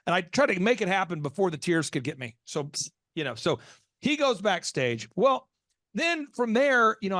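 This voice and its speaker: An American man hosts a business podcast with a fairly high, animated voice. He tells stories at speed, rises into excited squeaks for his own reactions, and sounds dry and close to the mic. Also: no room sound. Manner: lively, jumps into high excited voices when acting out reactions. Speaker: podcast host.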